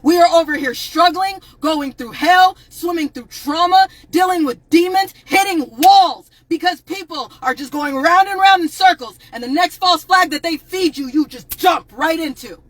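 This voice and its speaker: Furious high-voiced woman ranting live. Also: normal speed, few pauses, no room sound, poor audio. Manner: angry, profane, repeatedly shouting at viewers. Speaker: advocate on a livestream. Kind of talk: impassioned livestream rant.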